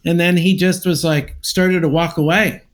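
A man's voice: on the high side, steady tone, normal speed. A man casually telling a long personal story on a podcast, acting out both sides of an argument.

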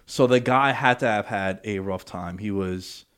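A man's voice: on the low side, unhurried, fairly bright tone. A young man hosting a podcast, telling casual stories with laid-back slang. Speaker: podcast host. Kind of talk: casual chat.

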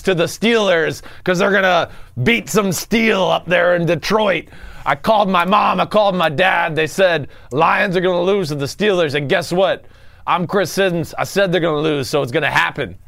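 High-voiced man trash-talking teams. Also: moderate pace, vocal fry, no echo. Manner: loud playful trash talk, mock farewells. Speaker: co-host picking games. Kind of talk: casual sports podcast banter.

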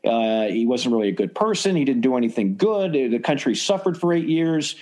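A man hosting a casual sports podcast in an enthusiastic, rambling way. He often restarts his sentences and speaks at an ordinary mid pitch. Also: animated, fairly quick, a little mellow. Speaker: podcast host.

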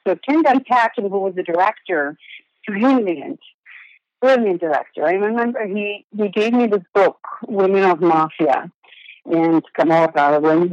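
A woman's voice: on the low side, dry recording, highs cut off. A woman from Italy, a native Italian speaker, talking as an actress guest in a casual interview, emphatic and repeating words as she searches for them.

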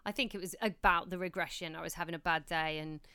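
A woman in her thirties co-hosts a casual podcast, talking things through in a reflective, rambling way. Her voice is very smooth and clear, recorded close and dry with no room sound. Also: fairly low pitch, fairly even intonation, fast, bright, forceful tone, no room sound. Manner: chatty, reflective, many restarts. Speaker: podcast co-host. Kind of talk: casual chat.

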